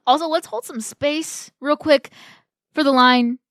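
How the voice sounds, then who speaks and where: A woman co-hosting a film podcast, talking in an excitable, gushing and playful way. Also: on the high side, a little slow, long pauses, no room sound, clean studio sound. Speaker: podcast co-host. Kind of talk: casual film review chat.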